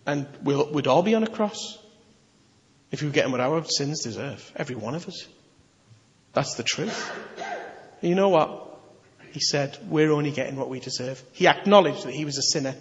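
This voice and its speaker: Animated preacher in an echoey hall. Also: male voice, on the high side, normal speed, long pauses. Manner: animated, conversational, emphatic. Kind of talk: sermon. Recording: echoey hall, slightly dull.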